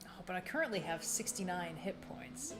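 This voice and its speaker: A woman's voice: lowish voice, sing-song, normal speed, over music. A woman hosting a let's play, commentating as she plays with a playful, jokey manner. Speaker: host playing the game.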